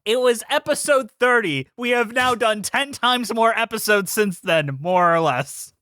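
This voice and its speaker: A man's voice: high voice, measured pace, pushed and bright, no echo, clean studio sound. A man hosting a casual podcast chat, playful and rambling, laughing often. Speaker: podcast host.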